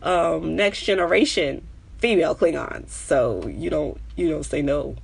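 A woman with a New York accent, a stand-up comedian chatting casually with viewers on her own live stream, animated, with her voice jumping high when she gets excited. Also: unhurried, creaky, breathy edge. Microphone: webcam or phone on a live stream.

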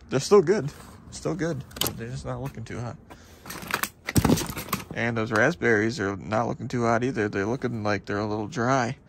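A man vlogging as he sorts through a dumpster, talking casually to the camera in an excited voice that often drops to a half-whisper. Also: medium pitch, creaky. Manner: animated, exclaiming often, breaks into laughs. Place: outdoors at a store dumpster. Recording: loud background noise and clattering.

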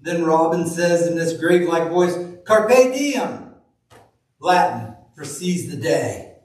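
A man preaching a sermon in a church, reading scripture slowly and telling folksy stories. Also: on the high side, steady tone, a little mellow. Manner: folksy storytelling, slow deliberate reading of scripture. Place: church sanctuary. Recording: very echoey room, from far off.

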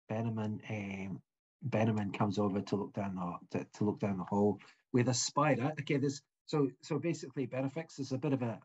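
A man narrating as game master of a tabletop game, halting, with many fillers and restarts. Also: on the low side, darkish tone, husky, highs cut off.

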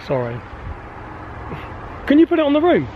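A man's voice: very high voice, huge pitch swings, normal speed, phone-quality sound, noisy background. A man chatting casually for a family vlog outdoors in the snow, teasing and laughing often. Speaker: vlogger.

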